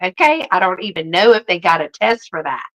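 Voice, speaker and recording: A woman's voice: fairly low pitch, brisk, low-quality recording. Woman host, casual live-stream chatter, rambling with fillers. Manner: rambling and chatty, many fillers, greets viewers by name.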